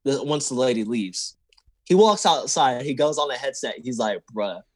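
A man's voice: mid-range voice, normal speed, no room sound. A young man co-hosting a podcast, telling a work story in casual chat and acting out the voices of the people in it. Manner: animated, acts out quoted voices. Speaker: podcast co-host.

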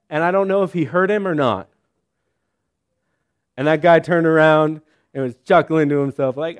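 A man preaching a sermon in a conversational style, with joking asides and lively storytelling. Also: on the high side, normal speed. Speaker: pastor.

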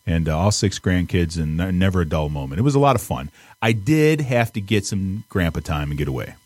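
Deep, lively older male radio host. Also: brisk, no room sound. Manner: rambling storyteller, laughs often, swears casually. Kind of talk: casual chat. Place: radio studio. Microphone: studio mic.

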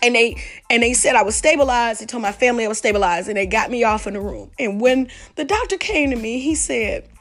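A woman's voice: fairly high pitch, animated, fast, few pauses, soft background music. A woman preaching a fervent testimony sermon, repeating phrases and calling out to her listeners.

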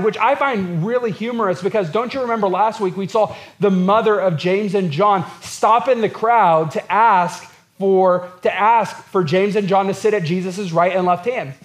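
A man's voice: sits high, normal speed, few pauses. A man preaching a sermon as pastor, earnest and repetitive, acting out quotes from scripture.

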